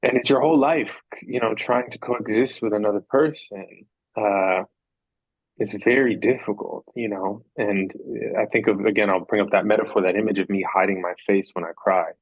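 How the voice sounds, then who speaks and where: Husky-voiced man, earnest and rambling. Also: on the low side, fairly even intonation, moderate pace, no echo, narrow, tinny audio. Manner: earnest, rambling, repeats phrases for emphasis. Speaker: podcast guest. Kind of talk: reflective casual conversation.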